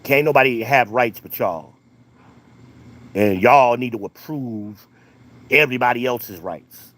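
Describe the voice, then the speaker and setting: Adult American man, commentator, heated and repetitive, mid pitch. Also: measured pace, pauses often, fairly bright tone. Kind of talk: casual rant.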